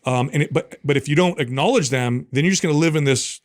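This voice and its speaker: A man's voice: fairly high pitch, fast. Casual male podcast host. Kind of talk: conversational interview talk.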